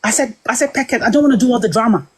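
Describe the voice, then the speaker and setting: A British woman with a fairly high voice tells a long story of a falling-out in a casual, spoken way. She acts out what people said, restarts her sentences often and keeps the account moving. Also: racing, husky, poor audio. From Britain. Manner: animated storytelling, quoting herself and others, frequent restarts. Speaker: guest recounting a dispute.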